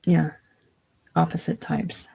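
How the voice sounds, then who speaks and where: A reader plays a young husband who has the shakes, miserable and defensive, sometimes rushing his words. The voice stays near the reader's own. It is a casual play reading. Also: mid-range voice, fairly even intonation, vocal fry, warm tone, slightly rough, exaggerated voice. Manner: defensive, gloomy.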